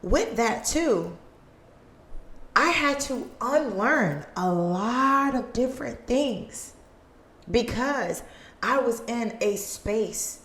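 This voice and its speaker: A woman's voice: fairly high pitch, expressive, takes it slowly, a bit bright, roomy sound. Earnest woman preaching self-acceptance. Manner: earnest, preachy, acts out little scenes. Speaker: podcast host. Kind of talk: motivational talk. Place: living room at home. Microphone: studio mic.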